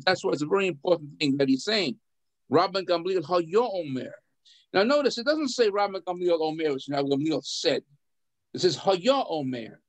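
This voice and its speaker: A man with a high voice leads an adult education class. He explains a text in a halting way, repeating words, putting questions to his students and chuckling between points. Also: animated, poor audio. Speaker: rabbi teaching adult education.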